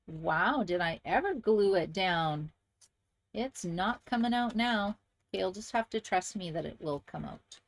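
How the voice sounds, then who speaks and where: A woman's voice: medium pitch, animated, unhurried. A woman hosting a crafting channel, chatting casually and enthusiastically to viewers as she shows handmade card samples.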